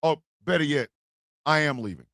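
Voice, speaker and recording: A man's voice: fairly high pitch, animated, moderate pace, vocal fry, fairly bright tone, no room sound. A man hosting a comedy podcast, ranting in a profane, mocking way with bursts of laughter, close on the mic. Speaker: podcast host. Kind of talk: comedic rant.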